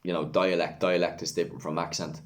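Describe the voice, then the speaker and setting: A man's voice: deep voice, flat delivery, fast. A young man with a Dublin accent, talking candidly and rambling in casual vlog chat, swearing freely. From Ireland. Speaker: vlogger, English language teacher.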